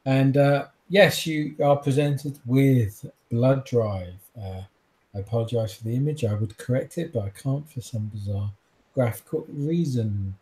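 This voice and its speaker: A man's voice: medium pitch, a little slow, dark tone. A man running a tabletop game as game master, describing scenes with frequent fillers. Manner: descriptive, laughs often, hesitant fillers.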